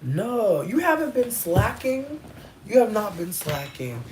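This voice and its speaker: A woman in her thirties chatting casually on a livestream and answering chat, playful and profane, with drawn-out emphasis. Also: mid-range voice, very animated, background noise. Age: 30s.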